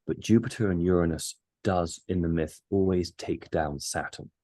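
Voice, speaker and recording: A man with a very low, husky voice talks earnestly about big ideas, pressing each point with emphasis. His tone is dark and mellow. The sound is dry and close. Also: moderate pace, dry recording. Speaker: resident astrologer. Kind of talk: casual chat.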